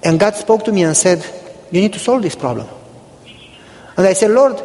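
A man's voice: high voice, animated, moderate pace, pauses often, darkish tone, in a large hall. A man from Romania preaching as a pastor, telling a personal story and acting out the dialogue with animation. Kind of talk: storytelling sermon.

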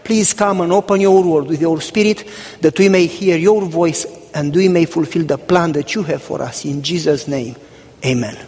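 A male pastor preaches a sermon full of humorous stories, acting out conversations with God and a church member. His voice is on the high side, a little mellow and slightly rough, at normal speed. Long hall reverb colors the recording.

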